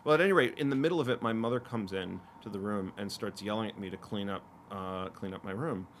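A man's voice: on the low side, quick pace, a little hiss or hum. A man in his fifties chatting casually, telling long rambling stories full of fillers and restarts. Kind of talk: casual chat.

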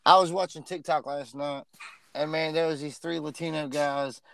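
A man's voice: a little high, fairly even intonation, normal speed, vocal fry, fairly bright tone, clear, resonant tone. A young man from North Carolina, co-hosting a podcast in loose, profane, joking casual chat. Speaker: podcast co-host.

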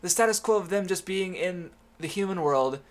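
A man co-hosting a casual chat, rambling and halting with many fillers and restarts, swearing casually. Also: high voice. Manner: swears casually, laughs often. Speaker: podcast co-host.

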